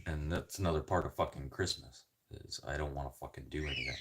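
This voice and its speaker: Low-voiced profane man rambling. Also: fast, very noisy. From Canadian prairies. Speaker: vlogger. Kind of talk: casual rambling chat.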